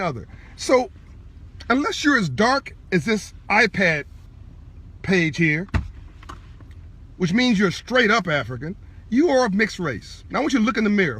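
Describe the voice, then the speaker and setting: Man on a live video, husky voice, swooping inflection, fervent sermon-like delivery to camera. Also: high voice. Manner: fervent, direct, preachy, repetitive emphasis; insists on being calm and measured. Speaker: speaker addressing online viewers. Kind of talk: impassioned live-video monologue.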